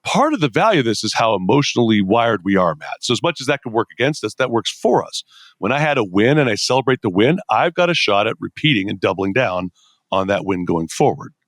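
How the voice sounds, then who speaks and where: A man's voice: lowish voice, sing-song, fairly quick, no room sound. A middle-aged man, a podcast guest, telling stories energetically and acting out his own inner dialogue in a conversational interview.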